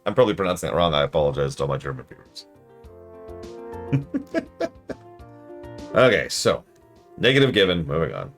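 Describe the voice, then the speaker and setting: Man, very deep voice, casual stream chatter, jokey rambling, soft music behind. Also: very fast. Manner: rambling, jokey riffing with deadpan asides. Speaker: streamer reviewing a game. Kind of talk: casual livestream commentary.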